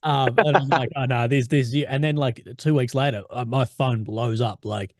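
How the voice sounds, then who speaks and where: A man's voice: medium pitch, fairly even intonation, normal speed, no echo, clean studio sound. An Australian man hosting a podcast, bantering in a laid-back way with heavy slang and swearing. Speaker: podcast host. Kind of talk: casual chat.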